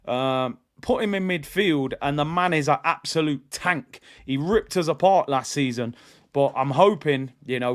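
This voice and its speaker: Chatty man hosting a football watch-along. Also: on the high side. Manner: opinionated, chatty, lots of fillers and repeats. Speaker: football fan channel host. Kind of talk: live watch-along chat, reading viewer comments.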